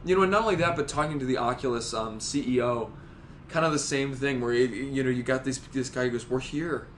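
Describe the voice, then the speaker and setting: Excitable, swearing man co-hosting a podcast. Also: mid-range voice, fast, slight background noise. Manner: rambling, excitable, swears a lot. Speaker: podcast co-host. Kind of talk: casual chat.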